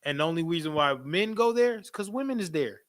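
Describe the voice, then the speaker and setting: A man teaches a class in a loose, preaching style, repeating himself, checking in with the room, and making frequent asides. His fairly high voice is bright and forceful, a little fast, and he laughs often as he talks.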